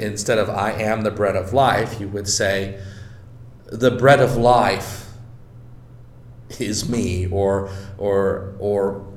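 A man teaching a Bible study, reading scripture aloud slowly and then explaining it with deliberate emphasis. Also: fairly low pitch, roomy sound.

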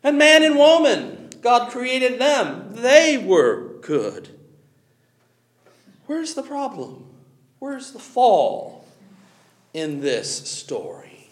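A male preacher delivering a sermon with a high, lively voice that swoops up and down. He talks slowly, leaning on pauses and breaking into chuckles, and the sound rings in an echoey room. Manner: animated, with chuckles and drawn-out emphatic pauses.

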